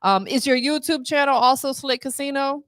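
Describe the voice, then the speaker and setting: A woman's voice: high-pitched, normal speed, a bit bright, no echo, clean studio sound. A woman hosting a live podcast in a casual, hyped-up, promotional way. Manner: hype, upbeat, promotional. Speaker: podcast host.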